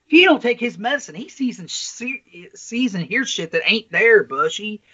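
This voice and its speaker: A man co-hosting a casual podcast, talking bluntly and swearing a lot as he tells a story with animated energy. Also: high voice, moderate pace, breathy edge. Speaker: podcast co-host. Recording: slightly dull lo-fi sound.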